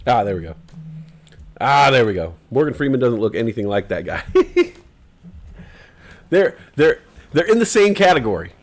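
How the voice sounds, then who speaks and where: Loose, lively stream host. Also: male voice, medium pitch, moderate pace, pauses often. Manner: loose, profane, rambling banter. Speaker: livestream host. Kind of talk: casual livestream chat.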